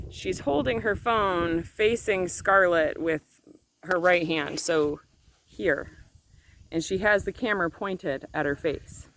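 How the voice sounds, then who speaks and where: A woman's voice: on the low side, a bit bright. A woman speaking directly to her viewers, telling a personal family story in an earnest, emotional, conversational way. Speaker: channel host.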